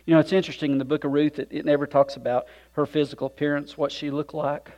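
Dynamic preacher, loud then hushed. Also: male voice, on the high side, flat delivery, fast talker. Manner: swings from loud emphatic preaching to hushed near-whisper; folksy, conversational asides. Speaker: pastor. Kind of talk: sermon.

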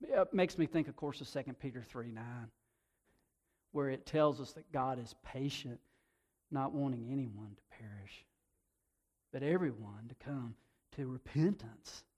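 A man preaching a sermon to a congregation, animated, often repeating words and swinging between soft and loud delivery. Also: mid-range voice, a little slow, long pauses, slightly rough. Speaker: pastor.

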